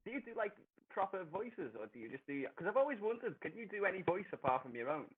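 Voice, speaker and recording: A man appearing as a comedian guest on a video call, throwing in quick teasing quips. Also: sits high, sing-song, narrow, tinny audio. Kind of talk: casual comedic banter.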